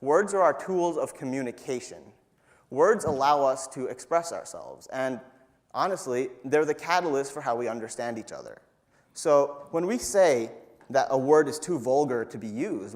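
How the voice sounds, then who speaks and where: A young man from New York giving a live stage talk to an audience, punchy and emphatic with a playful, profane edge. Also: medium pitch. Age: young adult. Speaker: student speaker.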